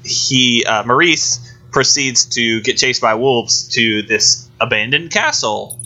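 Bright-toned man with wry asides. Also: mid-range voice, expressive, takes it slowly, poor audio. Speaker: podcast co-host. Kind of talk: casual chat recapping a film.

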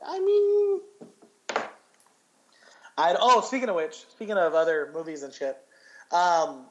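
High-voiced guy ranting about movies, cussing a lot, kinda muffled lo-fi sound. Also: expressive, normal speed, pushed and bright. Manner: rambling, swears a lot, restarts often. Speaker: podcast co-host. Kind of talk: casual chat.

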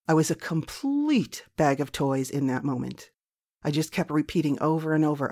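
Low-voiced woman telling a candid story. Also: animated, moderate pace, darkish tone. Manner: candid, profane, self-mocking. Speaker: podcast host. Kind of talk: personal storytelling monologue.

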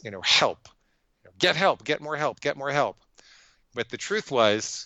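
A man's voice: on the low side, bright, forceful tone, no room sound, lo-fi sound. A middle-aged man, a psychologist guest, telling his story earnestly and emphatically, acting out quoted inner voices. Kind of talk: conversational interview storytelling.

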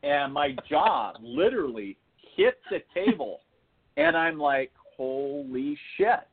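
A man calls in over a thin, phone-like line, his voice sitting a bit high. He tells his spirit encounters as animated anecdotes, acting out the lines he said. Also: unhurried, slightly rough. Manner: animated, laughing anecdotes with acted-out quotes. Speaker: spiritual medium guest. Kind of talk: casual storytelling on a call-in show.

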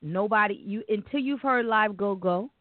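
Excitable woman host on a tinny line. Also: medium pitch, normal speed, dry recording. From Delaware. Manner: excitable, animated storyteller. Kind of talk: casual interview chat.

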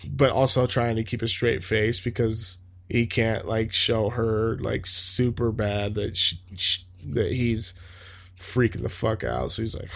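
A man's voice: on the low side, steady tone, a little slow, gravelly. A man reading a story aloud, breaking off for offhand, profane asides. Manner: swears freely in offhand asides. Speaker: story reader.

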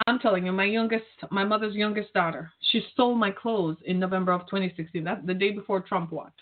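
A woman's voice: mid-range voice, fast talker. A middle-aged woman speaking earnestly and directly to caregivers, repeating her key phrases as she urges and encourages them. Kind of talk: heartfelt direct-address talk. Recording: tinny phone-like line.

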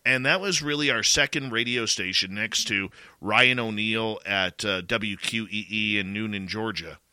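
A man's voice: fairly low pitch, normal speed, sharp tone. A man with a Canadian accent hosting a radio talk show, chatting casually in a rambling way with many restarts. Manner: rambling, full of restarts and "you know".

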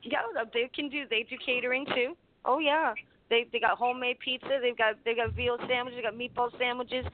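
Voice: mid-range voice, fairly even intonation, fairly quick. A podcast host chatting with enthusiasm in a casual, talkative way. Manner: chatty, enthusiastic about food. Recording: tinny phone-like line, faint hiss.

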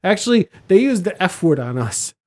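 A man's voice: high voice, big pitch swings, normal speed, darkish tone. A man in casual conversation, laid-back, laughing often and swearing freely. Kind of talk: casual podcast chat.

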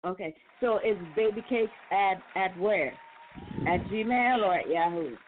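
A woman hosts a call-in show and answers her guest with short, steady affirmations. Her voice comes through a narrow, phone-like line. A faint noise sits behind it. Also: medium pitch, unhurried. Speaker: talk show host. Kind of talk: supportive call-in show hosting.

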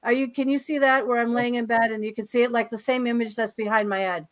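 A woman guest on a talk show, telling her own paranormal experiences in a casual, animated way and often repeating words. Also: a little high, fast talker. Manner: animated, breezy storyteller who repeats words as she goes. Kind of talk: casual storytelling interview.

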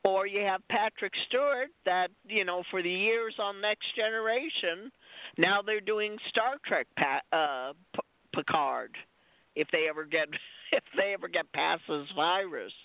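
A woman's voice: mid-range voice, measured pace, dry recording. A woman guest who is a stunt performer, telling rambling, digressive stories in a casual chat over a phone line. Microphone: phone call-in. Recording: dry, tinny phone line.

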